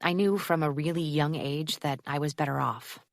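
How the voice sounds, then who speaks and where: Narrator as a dry-humored guarded young mom, low voice, dead dry sound. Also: female voice, steady tone, moderate pace, creaky, no echo. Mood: wry. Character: wry single mother, guarded and quick with humor.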